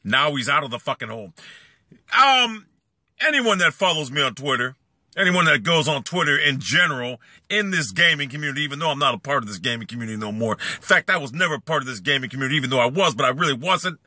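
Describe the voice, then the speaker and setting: A man ranting angrily in a video blog, swearing and repeating himself as he moves from brooding talk to shouting. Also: mid-range voice, animated, fast, no room sound, studio quality. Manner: profane, repetitive, swings between brooding and shouting. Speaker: YouTuber. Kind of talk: angry rant vlog.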